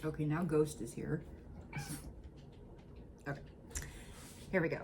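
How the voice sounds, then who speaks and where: American woman, reaction host, low-pitched, rambly casual talker. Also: fairly even intonation, unhurried, noisy background. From United States. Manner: chatty, rambling, with many fillers and laughs.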